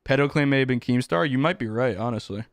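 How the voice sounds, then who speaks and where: A man's voice: medium pitch, fast, dry recording. A man streaming live, chatting casually with his chat, joking and swearing as he reacts. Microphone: close desk mic with headphones.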